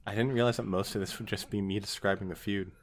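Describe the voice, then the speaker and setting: A man's voice: lowish voice, steady tone, fast. A man co-hosting a podcast, reading fan fiction aloud with dramatic narration and frequent laughter. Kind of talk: casual comedic reading and chat.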